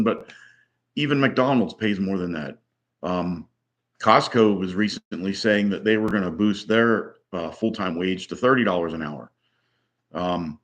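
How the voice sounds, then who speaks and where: Low-voiced older man on a rambling rant. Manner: rambling, opinionated, many "um"s and restarts. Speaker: vlogger. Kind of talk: solo opinion rant.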